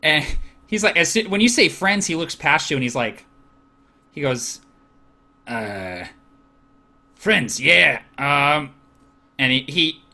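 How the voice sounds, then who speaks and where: Bright-voiced male game master. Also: on the high side, unhurried, pauses often. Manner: relaxed, many fillers. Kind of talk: narrating a tabletop game.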